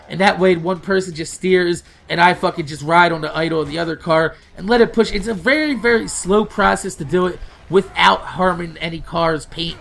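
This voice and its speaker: A young man casually telling a profane, animated story over gameplay. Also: sits high, vocal fry, slight background noise. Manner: profane, animated storytelling, yelling in retold quotes. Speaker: gaming channel host.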